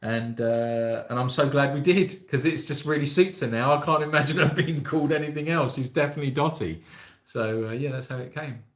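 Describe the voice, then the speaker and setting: A man's voice: medium pitch, fairly quick. Host, man, rambling chatty storyteller, roomy echo. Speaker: sanctuary host. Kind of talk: casual livestream chat. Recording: echoey room.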